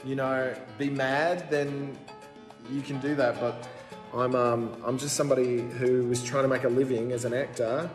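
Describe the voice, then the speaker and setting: An American man putting on a thick Australian accent, as if confessing, halting with many fillers and restarts. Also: medium pitch, level tone, pitched below the performer's own voice, lightly acted. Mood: mock-confessional. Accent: put-on Australian. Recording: roomy reverberant clip with music.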